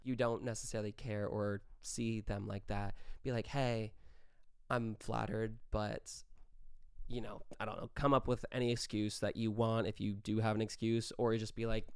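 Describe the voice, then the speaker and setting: A young man hosting a casual solo podcast, talking animatedly and acting out quick quoted exchanges. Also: fairly low pitch, level tone, gravelly, clear, resonant tone, no echo, studio quality. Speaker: podcast host.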